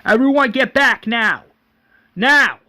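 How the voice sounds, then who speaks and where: A man's voice: a little high, a little slow, fairly bright tone. A man voicing a commanding male town leader who gives curt, bossy orders. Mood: shouting.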